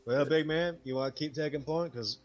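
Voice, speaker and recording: A man with a Southern US accent playing a tabletop game, talking fast and stumbling over his words. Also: on the high side, highs cut off, faint music behind. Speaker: player. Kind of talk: casual tabletop play.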